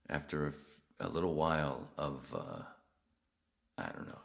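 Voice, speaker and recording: Gravelly, very deep-voiced podcast host. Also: male voice. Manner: profane, rambling, self-interrupting. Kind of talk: casual live-stream storytelling.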